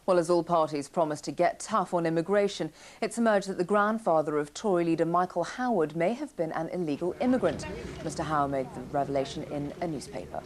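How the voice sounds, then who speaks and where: A woman news anchor reading the evening bulletin in a measured, formal way. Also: sits low, darkish tone, a little hiss or hum.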